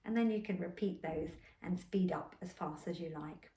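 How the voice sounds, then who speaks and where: A woman voice coach calmly guiding a vocal warm-up, giving encouraging instructions and demonstrating exercises. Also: fairly low pitch, normal speed, few pauses, far from the mic. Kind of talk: guided vocal warm-up lesson. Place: indoor room. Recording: echoey room, voice a bit off-mic.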